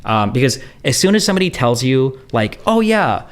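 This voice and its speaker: A man's voice: mid-range voice, animated. A man in a casual, rambling monologue, answering chat questions and swearing freely, with constant fillers. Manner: rapid, profane, heavy on fillers like "like" and "um".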